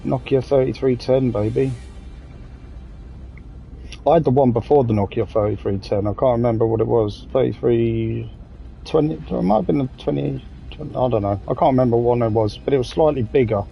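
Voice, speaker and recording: Gravelly English man streaming a game. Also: medium pitch, moderate pace, dull audio, faint music behind. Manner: rambling, jokey, swears casually. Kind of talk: casual gaming commentary.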